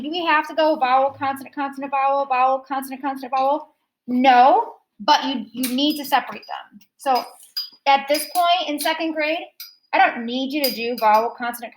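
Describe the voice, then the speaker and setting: A woman teaching a second grade phonics lesson, slowly repeating words to show which syllable is stressed. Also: high voice, slight background noise, rough recording.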